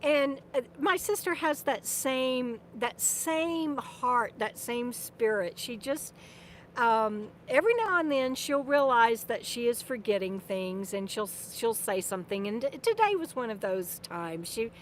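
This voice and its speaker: An older woman, a vlogger and author, chats casually on a live stream in a fairly high, expressive voice, speaking a little slowly. She rambles, restarts her sentences, laughs often, and turns aside between remarks to talk to her dog. There's slight background noise.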